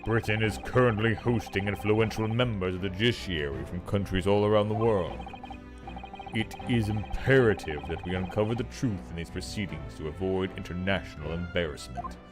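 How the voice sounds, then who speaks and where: Stern old chief justice, voiced by a man, deep, measured, with soundtrack under him. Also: over music, lightly acted. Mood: solemn. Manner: grave, measured, formal. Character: stern older male chief justice, commanding.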